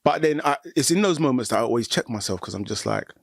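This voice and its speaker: Casting: man, podcast co-host, gravelly low-mid voice, animated storytelling, dry close mic. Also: quick pace, dry recording. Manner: animated, acts out his kids' voices. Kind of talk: casual chat.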